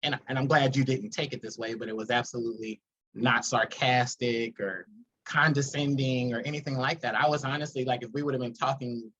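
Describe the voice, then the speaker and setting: A podcast host with a medium-pitched, brisk voice tells a story earnestly in casual chat, animatedly acting out the people in it. The highs in the recording are cut off.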